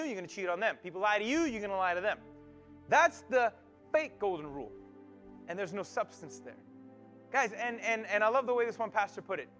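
A male pastor with a high voice preaching a sermon in a loose, conversational way. He keeps putting questions to his listeners and often repeats himself. Faint music plays behind him. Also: fairly bright tone. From United States. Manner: conversational, asks the congregation questions, many repeats.

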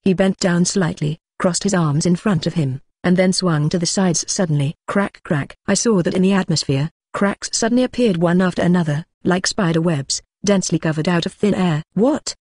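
A synthetic text-to-speech voice reading a novel aloud as an audiobook narrator, flatly reading out punctuation marks. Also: medium pitch, moderate pace, hardly any pauses.

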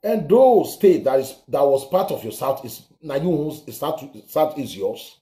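A man vlogging heated political commentary in a roomy, echoey space. His voice sits somewhat high but mellow in tone, and it swings widely in pitch as he rants with open scorn. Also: sing-song, unhurried. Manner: scornful, ranting, swears. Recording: roomy echo.

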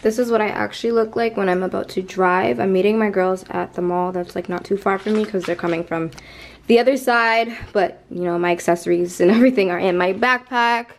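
A woman's voice: mid-range voice, brisk, a little hiss or hum. A young woman in her twenties chatting casually to her vlog camera, out of breath, laughing often and using slang. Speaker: vlogger.

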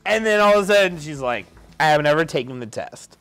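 A man's voice: lively intonation, fairly quick, soft background music. Rambling tipsy guy. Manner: loud, rambling, swings into high shouted quotes. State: drunk. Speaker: drunk storyteller.

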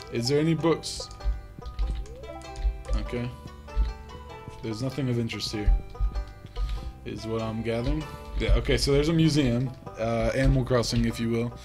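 A man giving casual, wry commentary while playing a farming game, with faint game music behind. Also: mid-range voice. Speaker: gaming YouTuber. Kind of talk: casual let's-play commentary.

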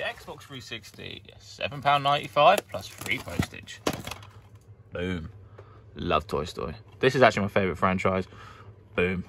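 A man's voice: fairly low pitch, animated, unhurried, a bit bright. A man, a reseller vlogging casually as he picks his orders, hyper and jokey, often talking to himself. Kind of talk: casual vlog while packing orders.

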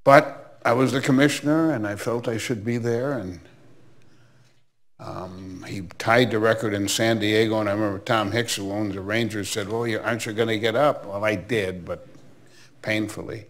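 A man's voice: on the low side, steady tone, normal speed. An older man from Milwaukee, a former baseball commissioner, telling anecdotes in an interview with chatty asides. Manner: anecdotal, warm reminiscing with asides. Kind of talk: storytelling interview.

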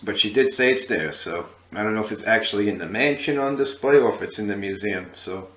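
A man's voice: fairly low pitch, a little fast, a bit bright. Rambling man telling a story, echoey room. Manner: rambling, many fillers and restarts. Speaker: history channel host. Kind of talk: casual storytelling to camera.

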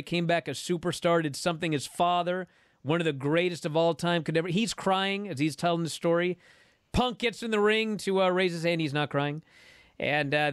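A man co-hosting a podcast, telling a wrestling event as a lively story and acting out what people said. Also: on the high side, no room sound, clean studio sound. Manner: animated storytelling, acting out quotes. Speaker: podcast co-host. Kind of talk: casual wrestling recap chat.

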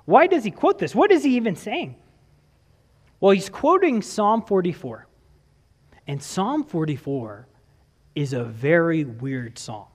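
A man's voice: high voice, very animated, measured pace, long pauses, in a large hall. A male pastor delivering a sermon in a church, asking his listeners questions and reading scripture aloud. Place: church sanctuary.

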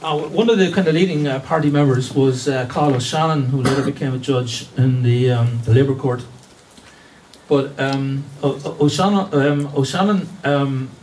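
A man's voice: mid-range voice, normal speed, a little mellow. A man giving a history lecture, hesitant, with many fillers and restarts. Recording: distant mic with faint room noise.

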